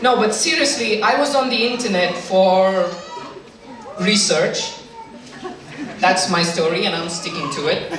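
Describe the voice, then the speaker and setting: A man from India, doing an animated stand-up comedy set before a live audience. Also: sits high, unhurried, pauses often. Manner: animated, shifts into mock German voices for punchlines. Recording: echoey hall mic from far off, crowd laughter and hum.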